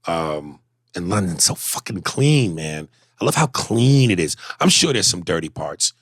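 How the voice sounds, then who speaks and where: A man co-hosting a podcast in casual banter, animated and quick to jump into voices. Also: breathy edge, dry recording, clean studio sound. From United States. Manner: animated, jumps into high-pitched voices and impressions. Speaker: podcast co-host.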